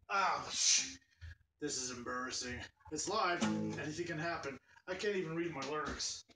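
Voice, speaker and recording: A man's voice: a little high, normal speed, reverberant, recorded from a distance, loud music behind the voice. A man hosting a live stream with casual, joking, self-deprecating banter.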